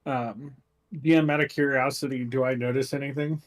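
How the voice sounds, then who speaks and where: A man playing a tabletop role-playing game, casually describing his character's actions with many pauses and fillers. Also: medium pitch, steady tone. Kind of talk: casual play narration.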